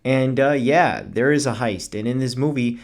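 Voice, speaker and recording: A man's voice: mid-range voice, normal speed. A man talking through a casual movie review in a chatty, rambling way, with fillers and self-corrections.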